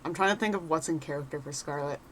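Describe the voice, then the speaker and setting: Woman game streamer; bright, tense tone; chatty, reads dialogue aloud. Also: low voice, quick pace, slight background noise. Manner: reads characters in a put-on rough voice, chatty asides. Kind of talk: casual let's-play chat, reading game lines aloud.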